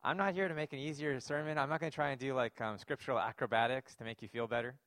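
A man's voice: medium pitch, steady tone, fast talker, fairly bright tone, no echo, clean studio sound. A man preaching a sermon, earnest and emphatic, posing rhetorical questions to his congregation. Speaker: pastor.

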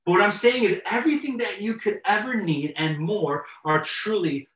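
Male pastor, slightly high voice, casual storytelling sermon, echoey room, set back from the mic. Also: normal speed, distant mic. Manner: conversational, warm storytelling with chuckles and repeated starts.

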